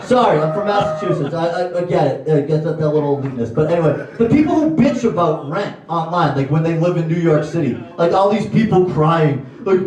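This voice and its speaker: A man's voice: fairly high pitch, lively intonation, a little fast, hardly any pauses, a little mellow. Ranting young male stand-up comic. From Connecticut. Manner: ranting, profane, exasperated. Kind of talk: stand-up set. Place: comedy club stage. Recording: echoey club from far off.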